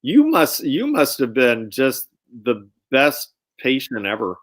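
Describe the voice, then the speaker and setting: A man's voice: medium pitch, huge pitch swings, slow pace, a bit bright. Hesitant man guest on a video call. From Southeast United States. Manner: hesitant, many fillers when listing. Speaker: guest, financial adviser. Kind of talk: casual video-call chat.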